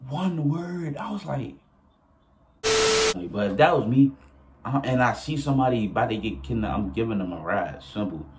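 A young man telling a story casually to his viewers, animated and profane, often laughing as he goes. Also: mid-range voice, normal speed, noisy background. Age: young adult. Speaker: vlogger.

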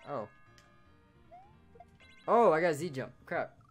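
A man giving casual commentary over his own gameplay, with hiccups, swinging between loud surprised outbursts and low muttering. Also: slow pace, soft background music. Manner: excitable, shouts in surprise then mutters low. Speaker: gaming YouTuber.

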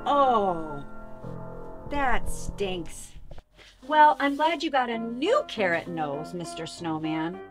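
A woman hosting a toddler show, gentle and sing-song with exaggerated wonder, talking to a cartoon snowman. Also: medium pitch, animated, slow pace. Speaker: children's show host. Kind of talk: children's show presenting. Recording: music under voice.

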